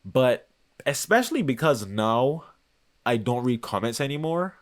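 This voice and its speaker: A man's voice: medium pitch, animated, measured pace. A man hosting his own channel, talking in a casual, unscripted monologue that rambles, searches for words and restarts often. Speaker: channel host.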